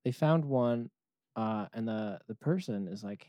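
A man's voice: on the low side, lively intonation, unhurried, lo-fi sound. A man telling a rambling comedic story in casual chat, acting out the characters. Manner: rambling, acts out characters, laughs often.

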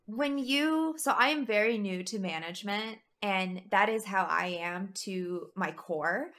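Bright, forceful woman manager; blunt, profane casual talk. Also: mid-range voice, measured pace. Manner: blunt, swears freely, animated. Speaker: new manager. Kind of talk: casual chat.

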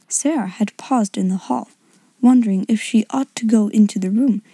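Woman, audiobook narration, fairly high voice, mellow, dry close recording. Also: no room sound. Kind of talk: scripted narration.

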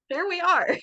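A young woman co-hosting a podcast in casual chat, talkative and quick to laugh. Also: very high voice, pushed and bright. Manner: chatty, laughs often, quotes friends in quick asides. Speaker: podcast co-host.

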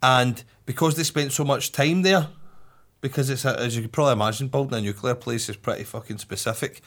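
A man's voice: medium pitch, a little fast, fairly bright tone. A Scottish man co-hosting a podcast, telling stories in loose, swearing, laughing casual chat. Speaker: podcast co-host.

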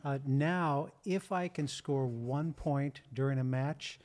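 A man's voice: medium pitch, takes it slowly, a little mellow. A man making wry jokes in casual chat. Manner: wry, joking.

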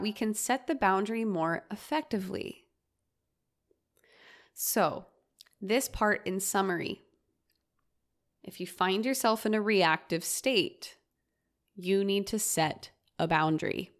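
A woman hosting a solo podcast, talking earnestly and reflectively and acting out her own quoted lines. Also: medium pitch. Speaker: host.

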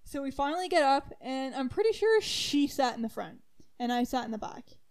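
A high-voiced young woman tells a story to a friend in an animated, giggly way. She fills her speech with "like" and squeals up high at the funny parts. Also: brisk. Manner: animated, laughing, squeals when excited, many "like"s. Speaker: storyteller co-host. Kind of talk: casual storytelling chat.

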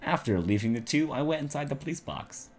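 A man's voice: medium pitch, expressive, a little fast, faint music behind. A young man narrating a visual novel aloud to friends, with laughing asides.

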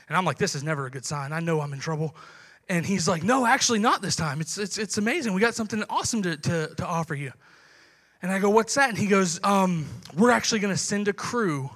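A male pastor tells a personal story from the pulpit in a high, bright voice. He acts out each remembered conversation with animated energy. He sounds like he is in his thirties. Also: in a large hall. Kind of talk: sermon storytelling.

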